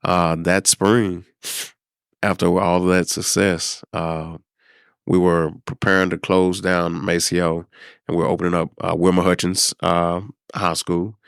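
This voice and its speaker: A middle-aged man from South Dallas, a podcast guest telling a personal story in an unhurried, reflective way, with many pauses and fillers. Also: deep voice, level tone, vocal fry, smooth, dry recording, clean studio sound. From South Dallas, Texas. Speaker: podcast guest, former high school principal.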